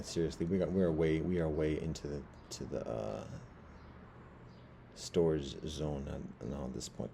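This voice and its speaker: A man in his fifties giving a rambling personal monologue, halting as he repeats words and restarts his sentences. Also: very deep voice, creaky, mellow, slight background noise.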